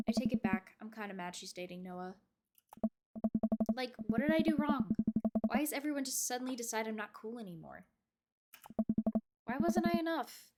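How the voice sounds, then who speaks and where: Casting: woman voicing a rambling, exasperated teenage girl, pitched a bit high, loud game music behind. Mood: hurt. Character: upset teenage girl venting to her dad. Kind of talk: game script read aloud.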